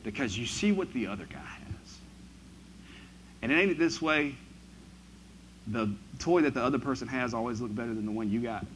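A man preaching a sermon, reading scripture and then riffing on it, his voice swinging from loud to hushed. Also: medium pitch, moderate pace, long pauses, slight background noise. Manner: animated, swinging from loud to hushed, asks the congregation questions; reads scripture aloud then riffs on it. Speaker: pastor.

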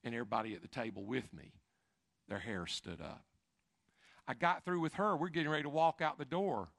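A middle-aged man preaching, telling stories in an animated way that swings between hushed asides and loud, emphatic bursts. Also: mid-range voice, brisk, creaky, dry recording, studio quality. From Chattanooga, Tennessee. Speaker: pastor. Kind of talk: sermon storytelling.

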